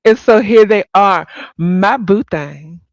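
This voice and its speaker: A woman's voice: medium pitch, slow pace, no echo, rough recording. A woman hosting a casual livestream chat, talking to viewers by name and laughing often. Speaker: livestream host.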